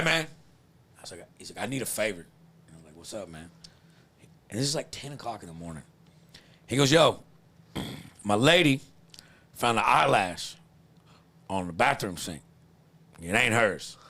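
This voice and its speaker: A man's voice: low voice, bright, forceful tone. A man hosting a podcast, telling a long crude story in a rambling, self-deprecating way. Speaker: podcast host. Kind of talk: casual chat, storytelling.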